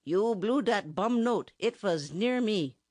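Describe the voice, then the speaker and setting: For an audiobook character, a woman raises her mid-range voice above its natural pitch to play a blustering, bossy, pompous middle-aged German bandmaster with a thick accent and mangled English. She sounds expressive and slow with a darkish tone, and the recording is dry with no room sound.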